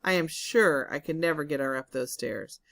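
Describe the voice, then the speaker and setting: A woman's voice: low-pitched, moderate pace, a bit bright. A woman reading a storybook aloud, voicing a young farm boy servant who grumbles and sounds puzzled. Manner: complaining, bewildered.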